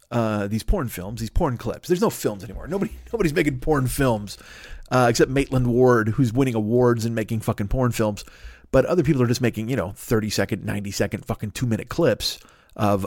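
A man with a mid-range voice hosts a solo comedy podcast, rambling, swearing freely, and poking fun at himself. The recording is dry, with clean studio sound.

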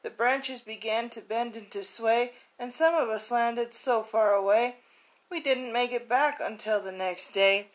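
A woman's voice: fairly high pitch, measured pace, lightly acted, low-quality recording. A woman voicing a group of anxious monkeys in a picture book, pleading in rhymes.

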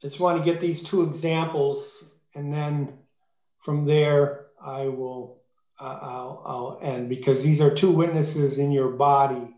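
A man's voice: a little high, steady tone, measured pace, a little mellow. A man preaching a sermon in an emphatic way, rising to fervent peaks. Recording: echoey room.

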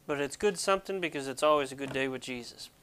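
Bright, crisp-voiced man hosting ministry videos. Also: medium pitch, fast talker. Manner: jokey, rambling, self-deprecating. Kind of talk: casual devotional talk to viewers. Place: Pennsylvania.

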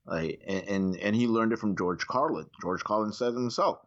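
A man chatting casually on a podcast, telling stories in a rambling way and often clearing his throat. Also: on the low side, moderate pace. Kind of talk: casual chat. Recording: dull lo-fi sound.

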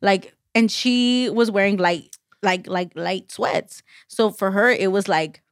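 A young woman co-host talking in a loose, rambling way, full of "like" and restarts, with the odd swear word tossed in. Her pitch sits in the middle, and the sound is dry and close with no room echo. It feels like an easygoing podcast chat. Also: takes it slowly. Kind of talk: casual chat.

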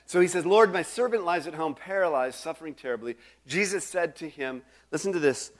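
A man's voice: a little high, fairly quick, few pauses. A middle-aged male pastor preaching a sermon in a conversational way, full of restarts and asides to the congregation.

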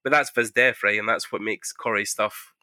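A man hosting a casual interview, telling stories quickly and swearing freely. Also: lowish voice, dry recording. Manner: fast, swearing, animated storytelling. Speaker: podcast host.

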